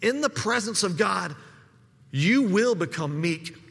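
Pastor, male, high and bright voice, talks through his sermon casually with stuttered restarts, hall reverb. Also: expressive, slow, creaky, breathy edge. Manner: conversational preaching with frequent repeated words.

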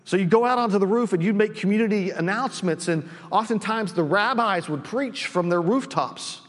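A pastor with a high voice preaches in a casual, conversational way, often restarting his sentences and checking in with "right?". His voice rings out with a long reverb, as though it fills the church sanctuary. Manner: conversational, frequent restarts and tag questions. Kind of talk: sermon.

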